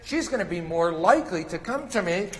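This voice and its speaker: Very animated and high-pitched, a man presents a conference session on mand training at a fairly quick pace, his fairly bright voice trailing off in long reverb over slight background noise. He explains each step while demonstrating live with toys.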